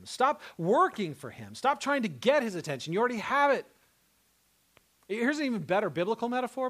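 Animated pastor with a higher voice. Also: male voice. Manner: swings from loud, rising outbursts to soft, hushed tenderness; conversational, repeats words and asks "right?" often. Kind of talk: sermon.

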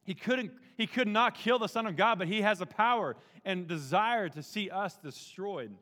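Pastor guy with a pretty high voice, punchy casual preaching, big echoey hall sound. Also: normal speed, a bit bright. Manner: casual, emphatic preaching with everyday slang. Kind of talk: sermon. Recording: long reverb of a large hall.

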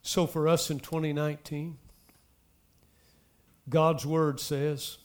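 A man preaching a sermon, speaking straight to the congregation with emphatic swells and soft drops. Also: fairly high pitch, level tone, slow. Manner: addresses the congregation directly. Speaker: pastor.

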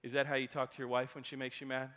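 A man voicing a small, fragile older male therapist who speaks gently and softly. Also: medium pitch, monotone, rapid-fire, big-room sound, voice pushed down, natural voice. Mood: hushed, gentle. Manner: hushed, gentle and probing.

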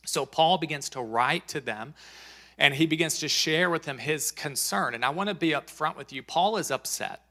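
A man's voice: a little high, expressive, normal speed, pushed and bright. A man preaching a sermon as pastor, talking in a conversational, joking way and reading scripture aloud.

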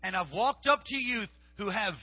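A man with a high voice preaches emphatically, driving his points home by repeating them. His voice rings through a large hall with a long echo. The recording sounds dull and lo-fi. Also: lively intonation, moderate pace. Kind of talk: live sermon. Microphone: stage microphone with monitor.

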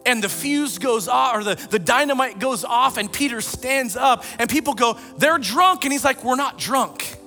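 A man preaching a sermon as a pastor, retelling scripture in an animated storytelling way. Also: extremely high pitch, normal speed, vocal fry, few pauses, soft background music. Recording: long reverb of a large hall.

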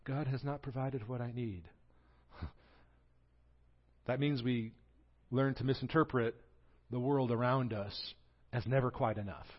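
A man's voice: mid-range voice, fairly even intonation, a little slow, long pauses, highs cut off. A man with a Southern American accent preaching a sermon as pastor, telling the story with animation and acting out the quoted voices.

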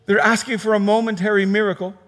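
A man preaching a sermon in a conversational way, reading scripture aloud and swinging from loud bursts to hushed, low passages. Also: little pitch movement, fast talker, big-room sound. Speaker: pastor.

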